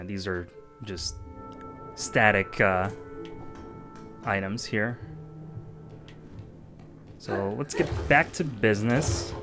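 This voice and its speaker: Man musing aloud over gameplay. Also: lowish voice. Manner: thinking aloud, filler-heavy. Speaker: let's-play gamer. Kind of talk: casual gameplay commentary.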